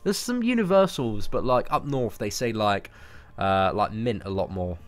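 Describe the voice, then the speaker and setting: Outdoors in his parents' garden, a young man from Surrey with a southern English accent chats casually on a game live stream. His voice is fairly low and expressive at a normal speed, and he rambles and restarts his sentences.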